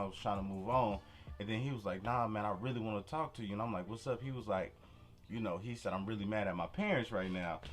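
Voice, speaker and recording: A young man casually telling a personal story to camera, full of slang and "you feel me" asides, with faint music behind. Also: on the low side. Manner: relaxed street slang, frequent "you feel me". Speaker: vlogger.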